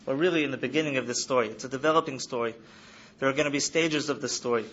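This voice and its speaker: A man's voice: mid-range voice, very fast, fairly bright tone, dull audio, slight background noise. A man in his thirties who speaks to a hall of students about coping trauma, in an earnest lecture style that repeats its key phrases. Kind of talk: lecture to an audience. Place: study hall.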